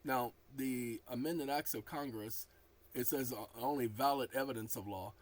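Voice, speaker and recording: This channel host, a tired man with a mid-range voice, speaks at a moderate pace in a casual address to his viewers, spelling out punctuation marks as he dictates. The audio is poor.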